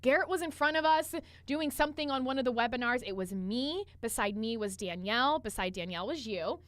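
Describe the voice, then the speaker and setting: A young woman co-hosting a coaching podcast, telling stories in an animated way and swearing freely. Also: a little high, fairly quick, no room sound. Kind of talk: casual chat.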